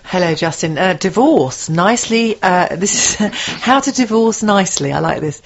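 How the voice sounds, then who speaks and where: A woman's voice: mid-range voice, lively intonation, normal speed, slight background noise. A woman co-hosting a radio show, reading event listings in a teasing, giggly way. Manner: giggly, teasing, laughs often. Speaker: radio co-host. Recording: dull lo-fi radio sound.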